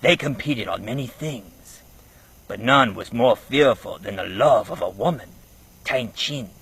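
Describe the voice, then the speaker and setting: A wise old rat sensei speaks low and solemn, as a man puts him on. His husky voice stays bright at the edges. He tells his past slowly, like a storybook master. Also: heavily acted. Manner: slow, hushed storytelling.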